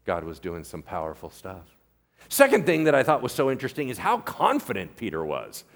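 A man who is a pastor, preaching a sermon in casual, animated storytelling style, acting out biblical characters in everyday modern voices and often asking the congregation to agree. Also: mid-range voice, fairly quick, creaky.

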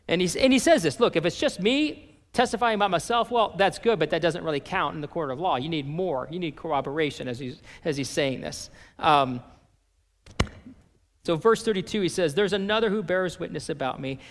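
A man preaching a sermon as a pastor, reading and paraphrasing scripture with animated emphasis. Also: a little high, big-room sound.

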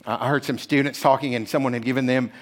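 A man's voice: medium pitch, steady tone, fast talker. A man preaching a sermon in a church, emphatic, often checking in with the congregation with "right?". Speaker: pastor.

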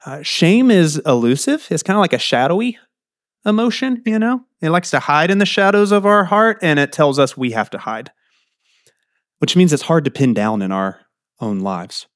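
A man preaching a sermon in a conversational way, his pitch jumping up for emphasis. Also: animated, normal speed, dry recording, studio quality. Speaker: pastor.

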